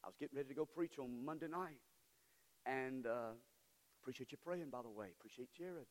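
A man preaching a sermon as pastor, moving from quiet storytelling to shouted, impassioned praise. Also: medium pitch, brisk. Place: church sanctuary. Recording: church hall with long reverb.

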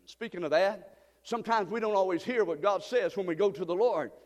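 A male pastor preaching a sermon, building up to fervent shouted passages. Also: sits high, brisk, in a large hall.

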